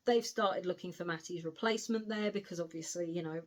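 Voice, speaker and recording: A woman's voice: lowish voice, a little fast. A woman giving a casual spoken book review, recounting the plot in a chatty way with frequent asides.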